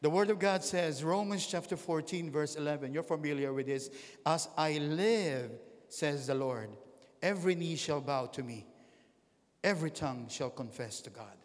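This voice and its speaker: A man's voice: on the high side, normal speed. A man, a pastor preaching a sermon in a church hall, calling out questions to the congregation. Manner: animated, calls out to the congregation with questions. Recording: long hall reverb.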